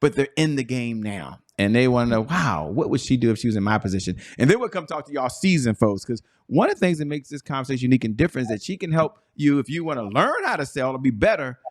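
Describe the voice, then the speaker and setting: A man hosting a business talk show, energetic and playful, stretching words for emphasis. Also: medium pitch. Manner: hyped, playful, drawn-out emphasis. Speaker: show host.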